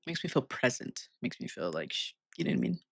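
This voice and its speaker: A woman's voice: rumbling low, sing-song, quick pace, vocal fry, breathy edge, dry recording, studio quality. A young adult woman co-hosting a podcast, chatting casually with a breezy, joking manner. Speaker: podcast co-host. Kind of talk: casual chat.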